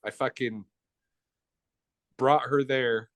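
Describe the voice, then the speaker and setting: A middle-aged man tells a story in a casual interview. He speaks bluntly and swears freely, with a relaxed, conversational flow and the odd restart. His voice sits in an ordinary middle pitch, recorded dry and close. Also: takes it slowly, dry recording. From Blackfoot Nation, North America. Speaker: interview guest.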